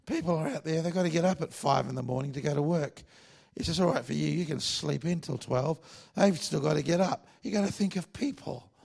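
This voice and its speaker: A blunt old Australian cowboy turned pastor, as a preacher puts him on, hurrying people along in a folksy, scolding drawl. The voice sits well above the preacher's own and pushes louder. It is spoken in a sermon. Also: male voice, on the high side, fairly quick, vocal fry, breathy edge, voice pushed up, exaggerated voice.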